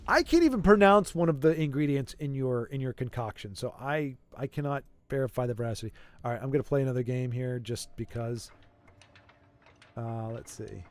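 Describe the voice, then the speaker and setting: A man's voice: mid-range voice, animated, brisk. A man chatting casually with his livestream audience, rambling and playfully arguing, with many restarts. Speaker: streamer.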